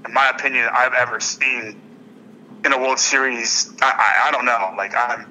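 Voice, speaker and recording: A man's voice: mid-range voice, steady tone, moderate pace, sharp tone, a little hiss or hum, poor audio. A young man being interviewed as a ballplayer, telling stories in a rambling way with many restarts. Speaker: guest, professional baseball player. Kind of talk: casual interview conversation.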